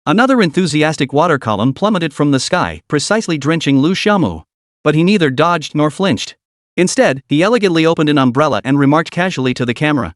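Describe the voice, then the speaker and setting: Over a dry, close recording, a man narrates a story recap. His pitch sits a little high, and it moves around a great deal as he reads the scripted lines. The delivery has the steady pull of a storyteller keeping listeners hooked. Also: a little fast, no room sound.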